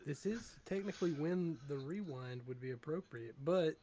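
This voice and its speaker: A man's voice: a little high, normal speed, mellow. A man playing at a streamed tabletop game, easygoing and casual as he explains his character. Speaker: player.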